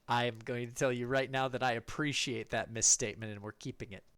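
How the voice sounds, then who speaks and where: A man as game master narrating a tabletop game in a relaxed, halting way. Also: medium pitch, clean tone, no room sound.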